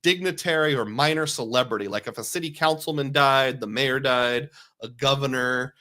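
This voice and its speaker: A man's voice: mid-range voice, moderate pace, sharp tone. A middle-aged man from Iowa hosting a live stream, chatting casually and answering viewer questions in a rambling way.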